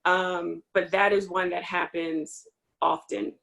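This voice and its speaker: Woman coach, casual and quick, loose filler-heavy talk on a video call. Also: fairly low pitch, fairly even intonation, fairly bright tone, rough recording. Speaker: field hockey coach. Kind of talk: panel discussion.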